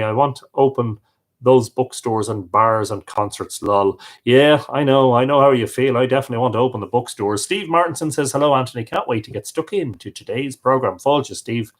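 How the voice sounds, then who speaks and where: A man's voice: mid-range voice, normal speed. Man reading out live chat. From Ireland. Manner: friendly, reads out viewer comments and answers them. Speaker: livestream host.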